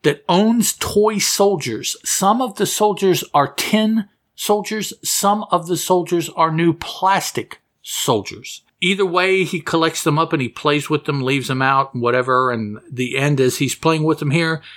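A man's voice: on the high side, measured pace, a bit bright. A man hosting a casual comic book review show, rambling and correcting himself as he reads passages aloud. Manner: rambling, self-correcting, chatty. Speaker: comic book podcast host.

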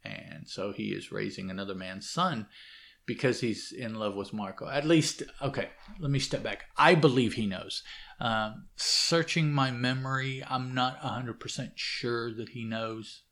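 A man's voice: medium pitch, unhurried, vocal fry, fairly bright tone. A man reading a comic book aloud and commenting on it casually, hesitant, with frequent fillers and self-corrections.

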